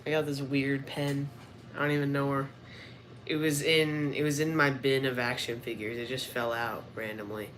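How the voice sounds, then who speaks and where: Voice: medium pitch, flat delivery, moderate pace. A streamer chatting casually on a livestream while playing with action figures, rambling and trailing off. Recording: noisy background.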